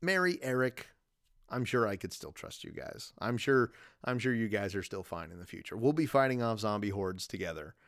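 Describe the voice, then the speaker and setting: A man's voice: fairly low pitch, expressive, normal speed, fairly bright tone, no room sound, studio quality. A man in his thirties hosting a casual solo podcast, rambling and self-deprecating, laughing often as he talks. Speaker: podcast host.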